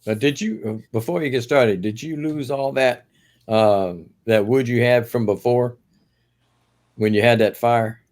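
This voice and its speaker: A man's voice: mid-range voice, measured pace, a little mellow. A man co-hosting a casual live stream, teasing the host in short, dry replies. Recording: faint background noise.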